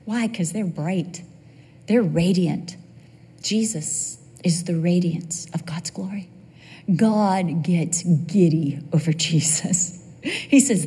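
An older woman preaching a sermon, shifting between hushed near-whispers and excited, quick bursts. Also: fairly low pitch, husky, big-room sound.

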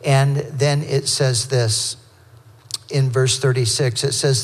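A male pastor teaches through scripture in a relaxed, conversational sermon, breaking into quick asides and correcting himself as he goes. His voice has a mid pitch and carries the long reverb of a large hall.

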